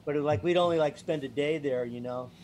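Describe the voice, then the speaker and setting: A man on a panel telling a casual anecdote in a rambling, halting way. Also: a little high, darkish tone, slight background noise, rough recording.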